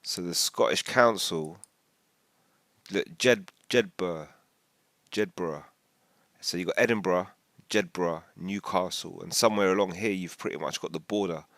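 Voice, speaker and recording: A man rambling casually through a commentary video, animated and full of restarts. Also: low voice, normal speed, dry recording.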